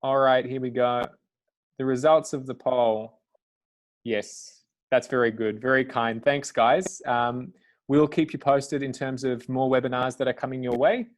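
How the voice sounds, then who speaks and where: A man's voice: mid-range voice, fairly even intonation, a little slow. A man hosting a live webinar over a video call, moderating questions in an upbeat, chatty way with fillers. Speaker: webinar host.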